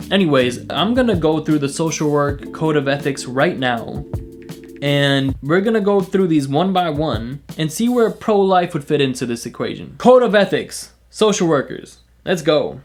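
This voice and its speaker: A young man who is a social work student, giving an earnest, emphatic opinion commentary for his vlog and going through his points one by one. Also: a little high. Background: guitar music.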